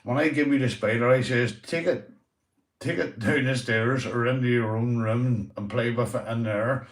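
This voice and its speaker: A man's voice: mid-range voice, fairly even intonation, normal speed, roomy sound, recorded from a distance. A Northern Irish man hosting a casual livestream, chatting to viewers and telling sweary stories. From Northern Ireland. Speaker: livestream host.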